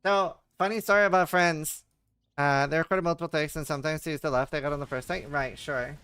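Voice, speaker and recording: Casting note: a male streamer with a slightly high voice, telling loose anecdotes in casual chat, swearing freely and laughing at his own jokes. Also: steady tone, quick pace, bright, forceful tone, clean tone, no echo. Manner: rambling, profane, laughs at own stories. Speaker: livestream host.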